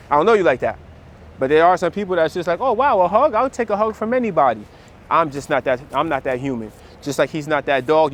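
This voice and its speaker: A man with a slightly high voice explains dog training in a loose, conversational way, full of slang. He is recorded outdoors in a built-up area, with faint street sounds behind him. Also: a little hiss or hum. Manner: relaxed, conversational, slangy, talks straight to viewers. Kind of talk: casual outdoor training vlog.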